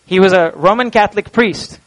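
In a church sanctuary, a pastor with a high-sitting voice preaches an Easter sermon at a brisk pace and then leads a closing prayer. He is impassioned, swinging from loud to hushed. The audio quality is poor.

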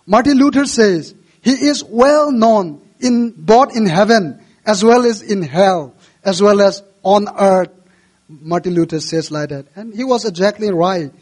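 A man with a high, light voice preaches a sermon in earnest. He rises and grows louder when he quotes scripture, and his English phrasing is not a native speaker's. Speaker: pastor.

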